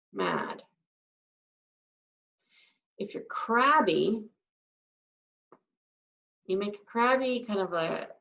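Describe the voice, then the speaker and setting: A woman teaches sign language at an unhurried pace, describing hand shapes and faces one step at a time. Her voice has a gravelly texture. The recording is dull and lo-fi, picked up from some distance. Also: mid-range voice, a bit bright, echoey room. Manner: explains each sign step by step, drawn-out words. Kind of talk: slow, patient instruction.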